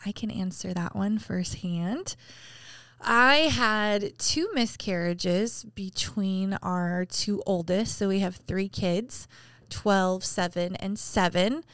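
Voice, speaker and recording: A woman's voice: medium pitch, slow, a bit bright, no echo, studio quality. A woman in her thirties co-hosting a faith podcast, telling a painful personal story candidly and with emotion. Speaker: podcast co-host. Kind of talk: casual chat.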